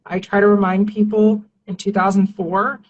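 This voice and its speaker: A woman's voice: mid-range voice, level tone, moderate pace, highs cut off. A woman civil rights attorney as a podcast guest, talking earnestly and reassuringly with many fillers and restarts. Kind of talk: casual interview talk.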